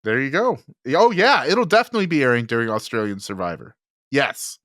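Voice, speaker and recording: A man's voice: mid-range voice, expressive, a little fast, a bit bright, dry recording, clean studio sound. A man co-hosting a sports podcast, bantering and laughing in casual chat. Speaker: podcast co-host.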